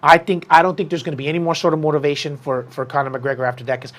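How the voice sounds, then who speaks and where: On a combat sports show, a podcast host with a somewhat high voice chats casually and very fast. He tells his story with lively energy, raising his voice whenever he quotes someone.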